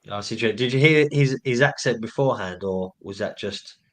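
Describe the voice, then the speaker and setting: A man's voice: on the low side, a little fast, fairly bright tone. A man co-hosting a casual interview, asking curious follow-up questions. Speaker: co-host.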